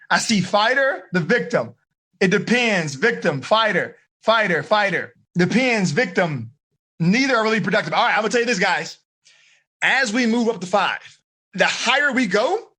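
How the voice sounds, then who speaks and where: A middle-aged man, a teen life coach, teaching a live online seminar in an energetic, questioning way. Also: high-pitched, slightly rough. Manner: energetic, asks questions, coaxing.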